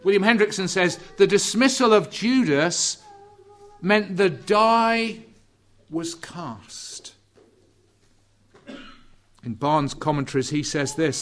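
Guy preaching a sermon, real slow and deliberate, goes hushed on the big words. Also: sits high, animated, a little hiss or hum. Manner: drops to hushed, quiet emphasis on key words.

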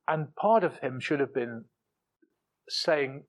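Preaching slowly and with emphasis, a man swings from forceful peaks down to low asides, often repeating words as he starts phrases over. The high frequencies of the recording are cut off.

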